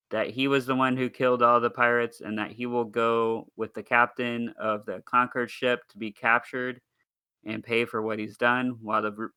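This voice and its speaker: A man co-hosting a casual podcast, recapping events with a sprinkling of filler words. His voice is bright and crisp, recorded close and dry with no room sound. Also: medium pitch, no echo. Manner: summarizing plot with filler words. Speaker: podcast co-host. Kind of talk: casual chat, recapping episodes.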